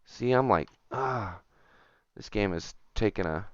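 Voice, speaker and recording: Man streamer, low voice, very clear and dry, slightly dull audio, chatty and self-talking. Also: a little slow, no room sound. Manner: chatty, self-talking, gets frustrated and mutters. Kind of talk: casual gameplay commentary.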